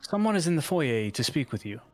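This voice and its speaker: A man running a tabletop game as game master, easygoing and halting. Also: fairly high pitch, sing-song, faint music behind.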